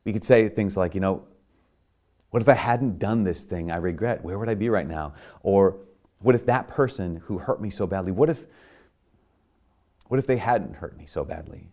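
A man's voice: sits low, moderate pace, long pauses, mellow. A man preaching a sermon in an earnest, conversational way, with many fillers and restarts.

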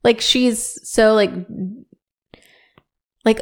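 A woman's voice: on the high side, steady tone, unhurried, pauses often, darkish tone. A woman co-hosting a podcast, chatting casually and rambling with lots of fillers. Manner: chatty, rambling fan talk with many fillers. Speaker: podcast co-host. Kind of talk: casual chat.

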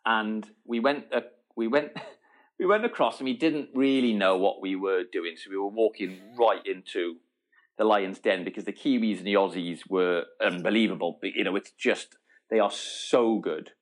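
A middle-aged man spins an animated story as a guest in a relaxed interview. He laughs often and keeps restarting his sentences as the story runs on. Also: fairly low pitch, normal speed. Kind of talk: casual storytelling.

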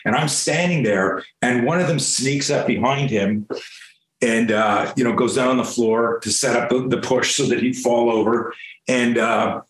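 A man's voice: mid-range voice, normal speed. A man telling a story from his youth in a casual interview, swearing freely and acting out what people said. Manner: profane, animated storyteller acting out quotes. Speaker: guest. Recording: roomy echo.

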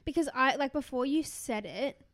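A young woman co-hosting a podcast, laid-back and quick to laugh in easygoing banter. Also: high voice, fairly bright tone, no echo, clean studio sound. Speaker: podcast co-host. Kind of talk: casual chat.

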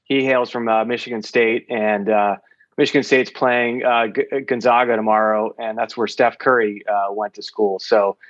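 A laid-back man from the West Coast talks as a podcast guest, relaxed and hesitant, with his words often trailing into fillers. His mid-range voice comes through a dull, lo-fi line with a dry, close sound. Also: fairly low pitch, moderate pace, no echo. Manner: easygoing, many fillers and restarts. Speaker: master distiller, guest. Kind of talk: casual interview.

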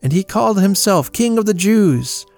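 A man doing a shrill, clamoring angry mob. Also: expressive, normal speed, vocal fry, faint music behind. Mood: insistent. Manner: shrill, shouting demands. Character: angry clamoring crowd of men.

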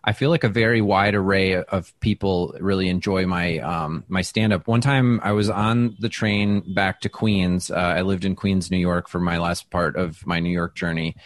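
A man who does stand-up, telling stories in a casual interview, chatty and self-deprecating, with lots of fillers and restarts, and he acts out quoted lines with big jumps in pitch. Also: fairly even intonation, moderate pace, hardly any pauses, no room sound. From Wisconsin. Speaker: stand-up comedian, guest. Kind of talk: casual interview talk, storytelling.

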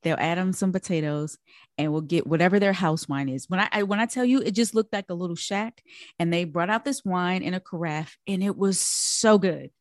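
A woman with a somewhat low voice hosts a relaxed conversation. She responds to her guest with eager agreement and tells her own stories. The recording is dry and close to the mic. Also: no room sound. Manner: enthusiastic, quick to laugh and agree. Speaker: host. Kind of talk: casual chat.

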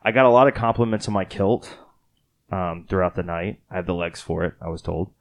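A man's voice: low-pitched, a little fast. A man from Texas hosting a podcast in casual chat, rambling and joking at his own expense, tired after a late night. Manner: rambling, joking, self-mocking. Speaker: podcast host.

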